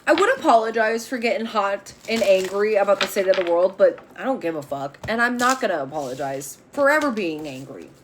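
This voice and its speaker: A woman's voice: medium pitch, expressive, brisk, hardly any pauses, noisy background. A woman reading tarot cards on a spiritual vlog, speaking bluntly and with fiery emphasis, swearing freely as she makes bold declarations. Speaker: tarot reader.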